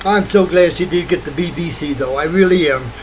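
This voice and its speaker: A man's voice: a little high, brisk, a little hiss or hum, low-quality recording. An older man rambling through a late-night monologue, wandering from thought to thought and laughing often. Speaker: vlogger.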